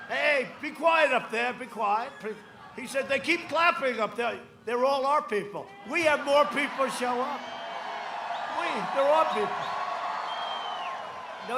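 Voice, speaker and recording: A man in his seventies giving a rambling campaign rally speech, swinging between shouted lines and muttered asides. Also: sits high. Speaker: political speaker at a rally. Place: large outdoor rally. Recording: echoey outdoor rally with crowd noise.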